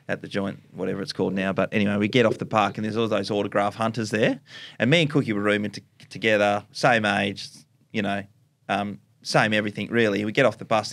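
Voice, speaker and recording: An Australian man in his forties, a former footballer and podcast guest, telling stories in an animated way and acting out the voices. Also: on the low side, no echo. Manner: animated storyteller, acts out voices, laughs often. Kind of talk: casual chat, anecdote telling.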